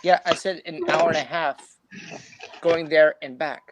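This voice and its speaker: Quiet man asking short questions. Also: fairly high pitch, fairly even intonation, unhurried, background noise. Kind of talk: casual chat.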